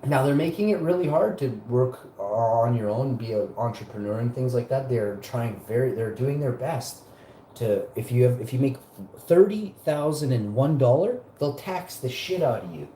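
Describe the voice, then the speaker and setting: A man's voice: mid-range voice, dark tone, slight background noise. A man hosting a live show, ranting in a profane, combative and mocking way. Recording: roomy echo.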